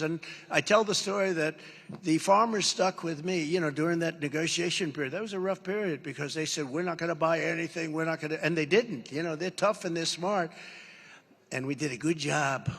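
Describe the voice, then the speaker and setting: Older man, rally speaker, forceful and rambling, boastful, long hall reverb on a live feed. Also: a little high. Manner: rambling, boastful, acts out quoted exchanges. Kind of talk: campaign rally speech.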